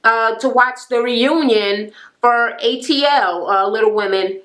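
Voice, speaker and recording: A woman's voice: fairly high pitch, unhurried, a bit bright. A woman recapping a reality TV episode in a blunt, slangy, profane casual way. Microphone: camera mic.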